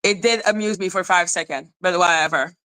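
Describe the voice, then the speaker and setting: A woman hosting a podcast, telling a story in casual chat, excitable and animated, swearing and laughing as she retells it. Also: on the low side, a little fast, low-quality recording. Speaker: podcast host.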